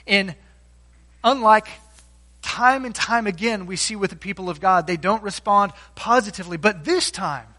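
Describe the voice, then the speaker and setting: A man's voice: high voice, moderate pace, bright, forceful tone. A man preaching a sermon as pastor, earnest and emphatic, often asking his listeners rhetorical questions.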